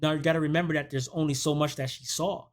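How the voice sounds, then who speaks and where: A man's voice: on the high side, fast talker. A man who hosts a movie review channel, giving a casual recap of a horror film and acting out the characters' lines as he goes. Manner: animated storytelling that acts out quoted dialogue.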